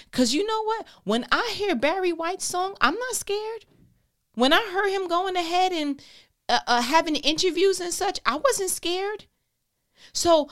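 This is a woman delivering a casual vlog monologue in a lively, expressive voice. She talks in a colloquial, conversational way. Now and then she drops into quiet, whispered asides. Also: sits high. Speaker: vlogger.

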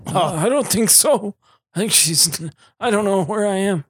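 A man's voice: sits high, lively intonation, moderate pace, slightly rough. A man voicing a confused, forgetful old man who rambles and keeps losing track of where he is, as comedic improv on a podcast. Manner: rambling, lost and bewildered.

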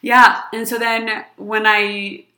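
A woman's voice: mid-range voice, little pitch movement, slow pace, bright, forceful tone, echoey room. A woman in her thirties telling a long personal story to friends in casual chat, rambling with lots of fillers and frequent laughter.

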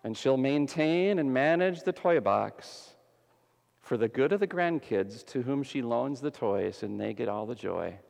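A man preaching a sermon as pastor, dramatic, swinging between loud emphasis and hushed softness. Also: mid-range voice, expressive, a little slow, vocal fry. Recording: long hall reverb.

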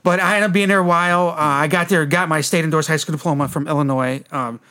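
A man's voice: a little high, fairly even intonation, fast, sharp tone. A man from Detroit telling rambling, profane stories in casual chat and laughing as he goes. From Detroit, Michigan. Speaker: podcast co-host. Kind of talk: casual storytelling.

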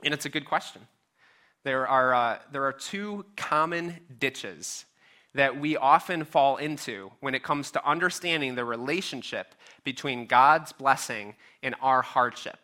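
A man's voice: medium pitch, measured pace, sharp tone. A man preaching a sermon as a pastor, casual and conversational with filler words and light humor.

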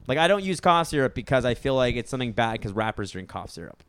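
A man's voice: medium pitch, sing-song, fast, fairly bright tone, clear, resonant tone. A young man co-hosting a podcast, telling a story in casual chat and acting out other people's lines.

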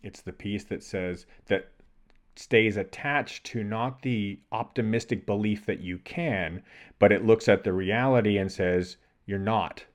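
Deep-voiced man telling a reflective story. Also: unhurried. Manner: thoughtful, acts out inner voices while telling stories. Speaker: podcast co-host.

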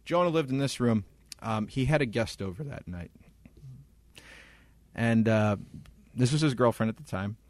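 A young man co-hosting a podcast, telling a story in casual chat, animated and laughing often. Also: medium pitch, normal speed, pauses often, no room sound. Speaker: podcast co-host.

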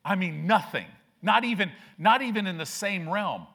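A man's voice: high voice, animated, moderate pace, sharp tone. A male pastor preaching a sermon in a conversational, slangy way, acting out quoted characters with a shifting voice. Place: church sanctuary.

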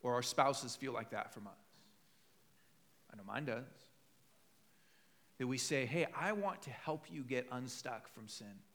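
A man's voice: mid-range voice, unhurried, pauses often, fairly bright tone. A man preaching a sermon in a conversational, storytelling way, acting out quoted voices. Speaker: pastor.

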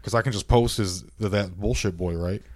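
A man's voice: on the low side, fairly quick, a crowd in the background. A man co-hosting a podcast, joking and teasing in casual chat. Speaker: podcast co-host.

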